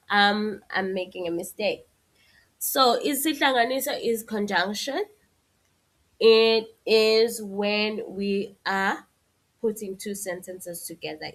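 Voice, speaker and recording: A woman teaches a relaxed language lesson. She speaks slowly and patiently, translating every example sentence she gives. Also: mid-range voice. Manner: explains patiently, switching between Zulu and English with translations.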